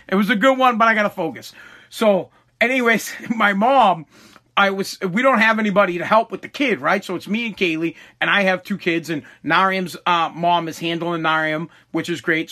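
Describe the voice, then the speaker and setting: A man's voice: sits high, fairly quick, sharp tone. A man hosting a casual podcast, rambling, swearing and laughing often. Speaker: podcast host. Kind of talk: casual storytelling chat.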